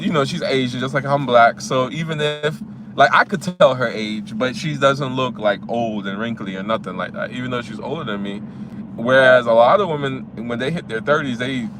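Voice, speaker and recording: A man in his twenties from the United States, casually telling a story about a date, rambling with many fillers and restarts. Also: medium pitch. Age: 20s. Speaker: vlogger. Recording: loud traffic noise behind.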